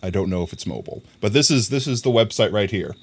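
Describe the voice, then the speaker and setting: A young man casually commentating a live stream, chatty and quick to laugh as he talks to his chat. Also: lowish voice, lively intonation, breathy edge.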